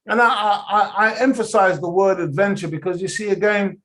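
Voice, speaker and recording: A man lectures a study group in an emphatic, preacherly way, with a voice pitched a little higher than most men's. He keeps checking in with his listeners and calls them family as he drives each point home. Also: brisk, fairly bright tone. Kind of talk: impassioned lecture.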